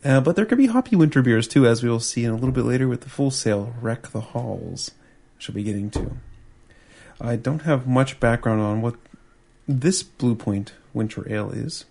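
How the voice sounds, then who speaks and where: A man's voice: medium pitch, animated, moderate pace, creaky, dark tone. A man co-hosting a podcast, talking about beer in a casual, easygoing way that rambles with fillers. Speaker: podcast co-host. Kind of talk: casual beer-tasting chat.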